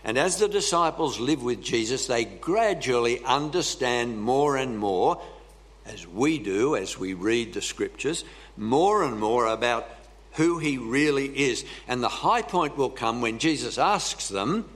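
Slow, deliberate male preacher. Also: medium pitch, lively intonation, a bit bright. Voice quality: clears throat often. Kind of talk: sermon.

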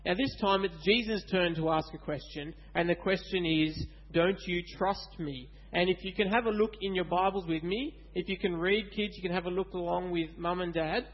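High-voiced man leading kids. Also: normal speed, hardly any pauses, dull audio. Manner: animated, asks kids questions. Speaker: children's talk leader at church. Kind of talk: lively children's Bible talk.

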